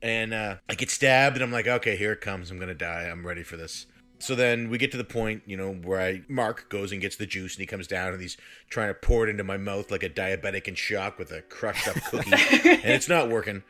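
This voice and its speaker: Bright-voiced man telling a story. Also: fairly low pitch, a little fast. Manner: animated, swears, laughs through his story. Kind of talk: casual storytelling among friends.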